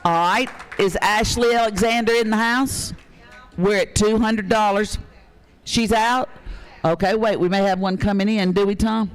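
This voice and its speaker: A man runs a charity auction. He calls out bids with excitement, teases the bidders and keeps pushing the price up. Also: high voice, moderate pace, smooth. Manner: excitable, urging bidders on, joking. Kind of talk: live auction calling.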